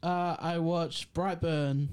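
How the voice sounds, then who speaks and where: A co-host in a casual movie chat, joking and blunt with a deadpan manner. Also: mid-range voice, slow, smooth.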